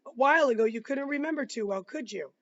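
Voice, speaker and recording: A man reading aloud, voicing a calm, patient lawyer cross-examining a witness in measured questions. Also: very high-pitched, muffled recording. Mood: probing.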